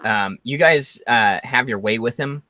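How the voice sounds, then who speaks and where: A man running a tabletop game as game master, narrating with a hesitant manner and many pauses. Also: mid-range voice, pushed and bright, no echo.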